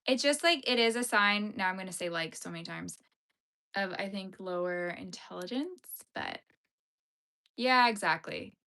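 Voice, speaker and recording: Bright-voiced Canadian woman chatting casually. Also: medium pitch, expressive, moderate pace, vocal fry. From Yellowknife, Canada. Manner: chatty, uses "like" as a frequent filler, laughs easily. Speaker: knitting livestream host. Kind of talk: casual livestream chat answering viewer comments.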